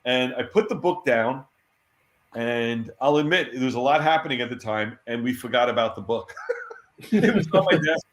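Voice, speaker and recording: Animated storytelling man, roomy echo. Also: mid-range voice, normal speed. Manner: animated anecdotes, laughs often. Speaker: interview guest. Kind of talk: storytelling in an interview.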